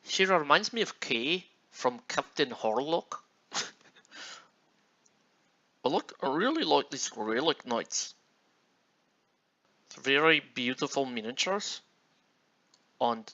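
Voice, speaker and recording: A man's voice: medium pitch, animated, slow pace, pauses often, pushed and bright. Laid-back man chatting on a stream. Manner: laid-back, rambling, slangy. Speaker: streamer painting miniatures. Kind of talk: casual live-stream chat. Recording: dull lo-fi stream audio.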